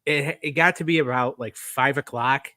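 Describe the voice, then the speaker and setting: A man in a relaxed podcast chat, talking at a medium pitch, close to the mic in a dry, dead room. He rambles through a backstage story and slips into the voices of the people he quotes. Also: normal speed, no room sound. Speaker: podcast co-host. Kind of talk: casual wrestling review chat.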